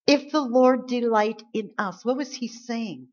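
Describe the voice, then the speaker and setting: A woman's voice: fairly high pitch, unhurried, hardly any pauses, darkish tone, lo-fi sound. A woman preaching a sermon in a conversational way, acting out pleading and complaining voices as she tells the story. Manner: conversational preaching, rising into acted pleas and complaints.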